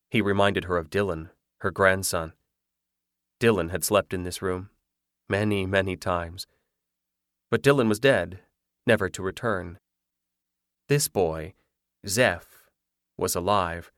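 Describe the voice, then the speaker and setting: A man narrating a dark tale with measured, dramatic delivery. His voice sits very low and moves slowly. The recording is dry and close. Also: no echo. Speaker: audiobook narrator. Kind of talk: scripted narration.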